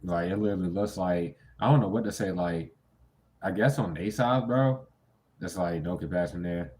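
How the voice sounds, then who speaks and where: A man's voice: deep voice, normal speed, darkish tone. A young man giving a casual tarot reading, talking bluntly and with heavy profanity, breaking into sudden incredulous outbursts. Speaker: tarot reader.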